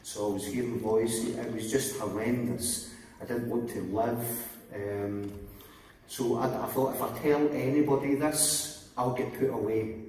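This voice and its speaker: A middle-aged Scottish man preaches his personal testimony, acting out each person in the story and often sinking into a hushed, low voice. He is heard from well back in a church hall, with a long, ringing reverb trailing every phrase and a faint room hum underneath. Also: a little slow. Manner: storytelling, acts out quoted dialogue, often drops to a quiet low voice. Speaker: guest preacher giving testimony. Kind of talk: testimony sermon. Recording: very echoey hall, voice heard from far off.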